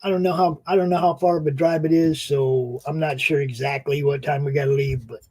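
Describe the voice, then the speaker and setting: A man's voice: on the high side, steady tone, a little fast, a little mellow, poor audio. A man co-hosting a casual livestream chat, rambling and offhand and swearing casually as he looks over new comics. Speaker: co-host.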